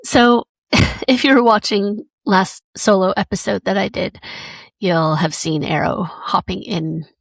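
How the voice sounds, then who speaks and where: A woman's voice: medium pitch, takes it slowly, vocal fry, dry recording. A woman hosting a solo podcast, telling a personal story in a chatty, emotional way. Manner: chatty and emotional, acts out quoted voices. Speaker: podcast host.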